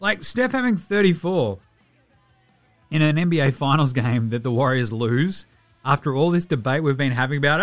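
A young Australian man hosting a casual basketball podcast, rattling off stats with lively, self-mocking banter and the odd swear. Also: a little high, faint music behind. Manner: animated, swearing, self-mocking, quick stat rundowns. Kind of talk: casual game recap.

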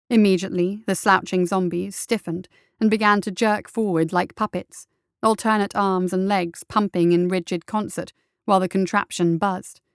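In clean studio sound with no room ambience, a woman narrates an audiobook story from a script. Her medium-pitched voice keeps an even, measured storytelling pace.

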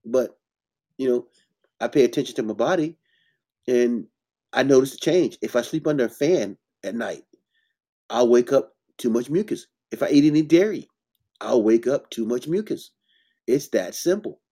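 A man's voice: medium pitch, expressive, a little slow, dark tone, breathy edge. A man hosting a casual health talk as an herbalist, speaking bluntly and preachily with emphatic bursts. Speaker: herbalist host.

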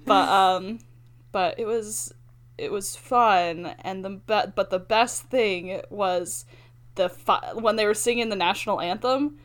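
A woman's voice: mid-range voice, takes it slowly. A woman co-hosting a casual podcast chat, rambling and laughing often. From Idaho. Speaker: podcast co-host.

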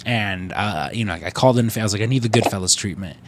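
A man's voice: lowish voice, quick pace, background noise. Male podcast co-host, casual storyteller, rambling, profane, lots of fillers.

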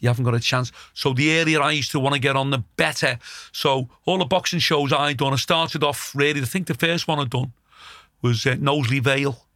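A man's voice: mid-range voice, a little fast, sharp tone, no echo, clean studio sound. A middle-aged male comedian, telling blunt, sweary stories in casual chat. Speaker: comedian, podcast co-host.

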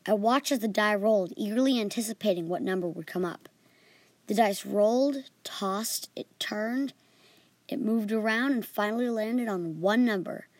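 A woman's voice: medium pitch, moderate pace, dry recording. A female podcast host reading her own fantasy adventure story in an earnest way, with small slips.

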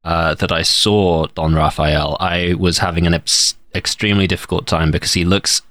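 A man co-hosting a podcast, riffing casually in a deadpan yet enthusiastic way. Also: low voice, moderate pace, no echo, clean studio sound. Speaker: podcast co-host. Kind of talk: casual chat.

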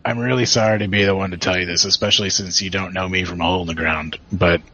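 A tough female orc, played by a man at a gaming table, who talks plainly and stumbles over apologies. The voice sits low with a bright, forceful edge. The audio is dull and lo-fi. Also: steady tone. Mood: earnest. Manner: plain-spoken, halting, apologetic.

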